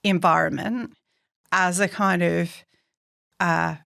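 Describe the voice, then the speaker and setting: Woman, podcast co-host, gravelly, lowish voice, chatty, laughs a lot. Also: steady tone, slow, fairly bright tone. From England. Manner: chatty, laughs often, many fillers. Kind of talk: casual chat.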